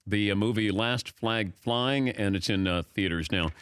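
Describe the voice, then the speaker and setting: A man hosting a sports talk show, asking relaxed questions in a casual interview and using filler words now and then. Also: fairly low pitch, moderate pace, clear, resonant tone, no echo, studio quality.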